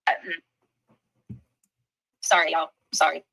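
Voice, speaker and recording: A woman's voice: low voice, monotone, slow pace, creaky, pushed and bright, low-quality recording. A woman with a Southern US accent hosting a livestream, chatting casually and greeting viewers by name as she reads their comments. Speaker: livestream host.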